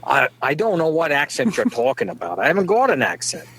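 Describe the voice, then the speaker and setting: A man's voice: on the high side, wildly swooping pitch, fairly quick, a bit bright, a little hiss or hum. A middle-aged man, delivering a folksy, rambling comedic monologue and chuckling at his own jokes. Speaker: comedic podcast guest.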